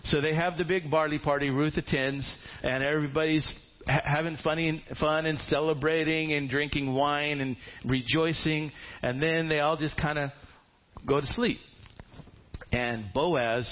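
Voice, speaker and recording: A male pastor telling a story in a casual, humorous and animated sermon in a church. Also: a little high, normal speed, dull audio.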